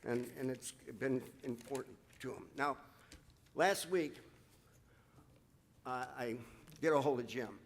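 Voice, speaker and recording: A man's voice: mid-range voice, slight background noise. Emotional man giving a ceremony speech. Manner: halting, with frequent restarts, addresses the crowd as folks. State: emotional, voice catching. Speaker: ceremony speaker presenting an inductee.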